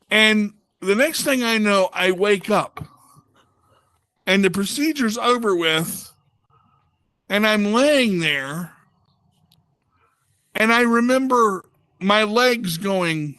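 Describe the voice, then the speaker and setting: A male stand-up comic on a club stage with a high, bright voice. He tells a story with lots of energy and jumps into the voices of the people in it. The sound is dry, with little room echo. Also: unhurried. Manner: animated storyteller who acts out other people's voices. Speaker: stand-up comedian. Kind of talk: stand-up comedy routine.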